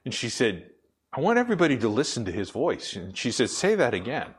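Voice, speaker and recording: Deep-voiced man preaching a casual sermon. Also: wildly swooping pitch, quick pace, husky. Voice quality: deep, full radio-style voice. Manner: conversational storytelling, many fillers and restarts. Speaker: pastor.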